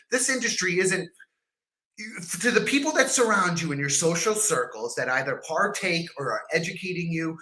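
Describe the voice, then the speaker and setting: A man's voice: high voice, pushed and bright. A man co-hosting a casual podcast, rambling and restarting often, with the odd curse. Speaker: podcast co-host. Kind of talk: casual chat.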